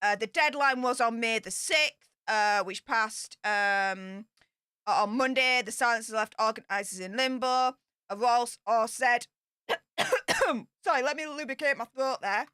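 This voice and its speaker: Woman chatting through royal gossip, emphatic, crisp smooth voice, dry sound. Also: fairly high pitch, unhurried, sharp tone, no room sound. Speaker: royal news commentator. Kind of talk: casual commentary reading news points.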